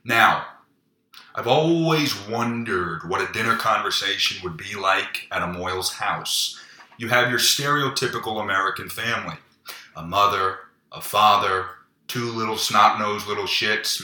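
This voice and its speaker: A man hosting a comedy podcast, telling crude stories in a deadpan monologue. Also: lowish voice, moderate pace. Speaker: podcast host. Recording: echoey room.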